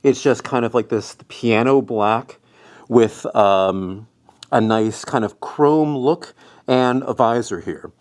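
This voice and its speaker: Speaking slowly in a darkish, mid-range voice, a product reviewer chats loosely about the helmet on his head, face squeezed as he chews gum. It's a casual review vlog shot indoors while rain falls outside on a cold day, and his talk wanders with plenty of fillers.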